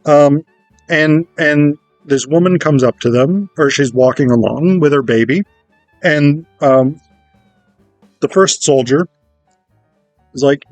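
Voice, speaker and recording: A man giving a casual, animated lecture on theatre, chatty and casually profane. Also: mid-range voice, unhurried, no echo, faint music behind. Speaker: theatre educator.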